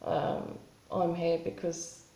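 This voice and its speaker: A woman talking in a spontaneous confessional vlog, halting and rambling with many restarts and fillers. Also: lowish voice, level tone, vocal fry, dark tone, echoey room, poor audio. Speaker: vlogger.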